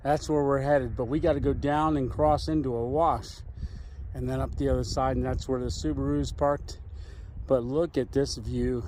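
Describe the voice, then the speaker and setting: A man's voice: fairly high pitch, moderate pace, a little hiss or hum. A man talking to his camera while hiking outdoors in desert hills, chatty and laughing often. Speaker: travel vlogger. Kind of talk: casual vlog commentary while hiking.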